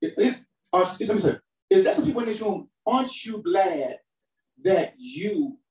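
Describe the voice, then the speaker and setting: A man preaching a sermon as pastor, calling for responses from the congregation and swinging between shouted emphasis and quiet, low asides. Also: big pitch swings, normal speed. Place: church hall. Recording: roomy hall sound from a distant mic.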